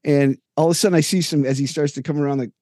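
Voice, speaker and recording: Talking very fast in a steady, mellow, somewhat high male voice, a podcast co-host relates a long, detailed anecdote in casual conversation and acts out the dialogue along the way. The setting is a home room with jerseys on the wall, captured as clean studio sound without room echo.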